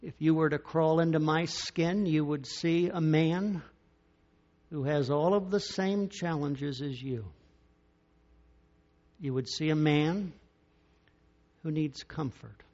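A man preaching a sermon, slow and dramatic, with big swings between loud bursts and quiet, drawn-out phrases. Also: on the high side, dull audio. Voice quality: slow, dramatic delivery with big swings in loudness and long pauses.

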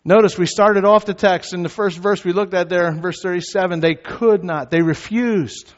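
A male pastor preaches a sermon in a church sanctuary. His voice sits a bit high, and the hall gives it a long echo. The sound is slightly dull, and his delivery swings from measured teaching to loud shouting.

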